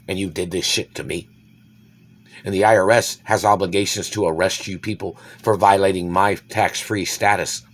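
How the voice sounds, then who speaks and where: A man delivering an angry, swearing monologue, repeating accusations and swinging between shouting and low muttering. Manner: furious, swearing, repetitive accusations. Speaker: vlogger.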